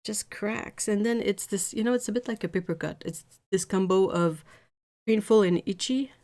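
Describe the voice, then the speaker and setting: A woman's voice: medium pitch, normal speed, mellow. A woman chatting casually on a live stream from her home painting desk, rambling with frequent restarts. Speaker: art streamer.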